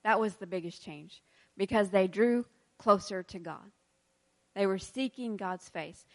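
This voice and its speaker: A woman's voice: mid-range voice, measured pace, darkish tone. A woman in her thirties, a pastor's wife, giving a casual sermon in a chatty way, laughing often and leading a prayer.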